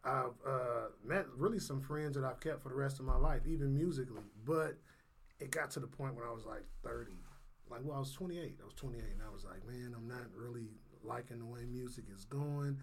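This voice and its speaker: A man in his thirties from St. Louis, a guest comedian chatting casually on a podcast, laid-back and quick to laugh. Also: medium pitch, a little hiss or hum. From St. Louis, USA.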